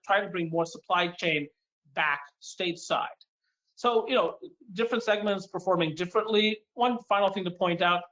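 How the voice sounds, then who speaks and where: A higher-pitched man delivers an economic forecast at a conference, moving through slides one by one. He talks with brisk emphasis and punches key words. Now and then he slips into a mock voice to play out the audience's questions. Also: a bit bright, poor audio. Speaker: economist giving a keynote forecast. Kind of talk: conference presentation walking through charts.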